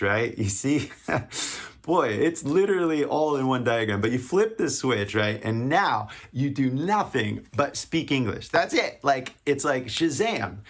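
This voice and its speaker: A man's voice: mid-range voice, a bit bright. An American man hosting an English-learning podcast in a loose, rambling chat full of fillers and laughs. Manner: rambling, full of "like" and "you know", laughs often. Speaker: English teacher and podcast host. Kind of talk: casual teaching chat.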